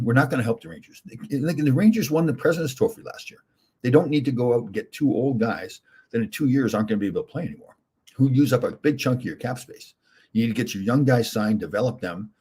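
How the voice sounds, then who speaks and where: Talking fast and with plenty of animation, a middle-aged man from Canada runs a relaxed livestream where he rambles and reads chat comments aloud. His mid-range voice is husky and a touch mellow.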